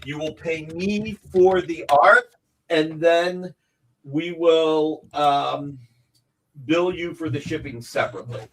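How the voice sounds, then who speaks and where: Chatty man pitching art prices. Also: slow pace, fairly bright tone, low-quality recording. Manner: businesslike, rambling explanations of payment terms. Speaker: comics publisher selling original art. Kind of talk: casual live-stream chat.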